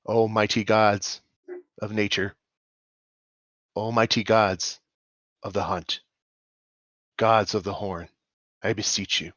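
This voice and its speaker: A man doing a solemn elf hunter kneeling in prayer in a tabletop game. The pleading words come slowly, over a dull, lo-fi online chat line. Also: on the low side, level tone, a bit bright, dry recording. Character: solemn elf hunter praying to nature gods.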